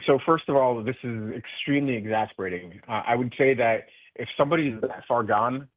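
A man's voice: medium pitch, brisk, no room sound. Passionate man on a tinny phone line. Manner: passionate, earnest, full of restarts. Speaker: political guest. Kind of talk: radio interview by phone.

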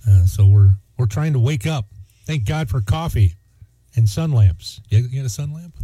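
A man's voice: medium pitch, expressive, moderate pace, warm tone, husky, no echo. A man hosting a morning radio show in casual, joking chat, rambling with lots of fillers.

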